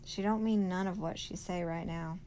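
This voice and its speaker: A woman's voice: lowish voice, fairly even intonation, normal speed, dark tone, a little hiss or hum, close to an everyday voice. Woman reading as a blunt, plainspoken older woman.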